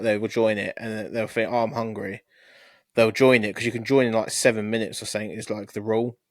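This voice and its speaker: A man's voice: lowish voice, fairly bright tone, no echo. A young man co-hosting a podcast, telling rambling, sweary anecdotes. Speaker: podcast co-host. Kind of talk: casual podcast chat.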